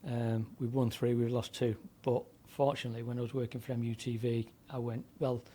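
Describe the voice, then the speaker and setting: A man's voice: medium pitch, little pitch movement, fairly quick, warm tone. A man in his seventies, a former DJ and broadcaster, telling long anecdotes in a rambling conversational way. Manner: rambling anecdotal delivery with frequent fillers and restarts. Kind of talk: conversational storytelling.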